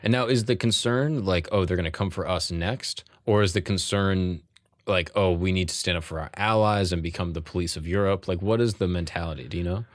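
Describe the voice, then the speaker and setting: A man hosting a podcast, asking loose, slangy questions in a casual, animated way. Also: sits low, fairly quick, no echo. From United States. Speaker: podcast host. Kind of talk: casual interview chat.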